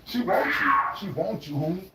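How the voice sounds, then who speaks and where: A man vlogging in rowdy, joking banter, loud and teasing, often repeating his lines. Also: sits high, sing-song, moderate pace, very noisy. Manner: loud teasing, repeats phrases, sing-song.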